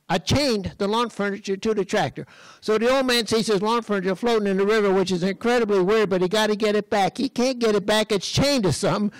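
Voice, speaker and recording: An older man from Western Massachusetts giving a lively, folksy storytelling talk on stage, often clearing his throat. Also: high voice, no room sound, rough recording. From Western Massachusetts, USA. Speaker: speaker at a design college talk. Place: lecture stage.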